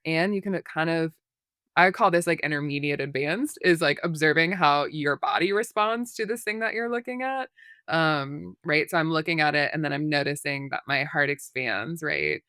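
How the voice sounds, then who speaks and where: A woman's voice: low voice, normal speed, a bit bright, clear, resonant tone, dry recording, studio quality. A woman therapist, a podcast guest, explaining in a rambling, casual way full of fillers and examples.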